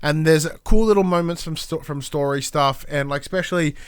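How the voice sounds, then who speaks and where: A man co-hosts a casual podcast, rambling along with lots of fillers. His voice is fairly high for a man and very smooth, recorded dry and close. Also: a little fast, dry recording. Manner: relaxed, rambling, filler-heavy. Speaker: podcast co-host.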